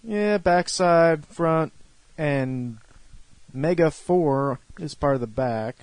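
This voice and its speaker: A man on a casual review podcast, adding quick, matter-of-fact remarks. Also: a little high, darkish tone, no room sound. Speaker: podcast co-host.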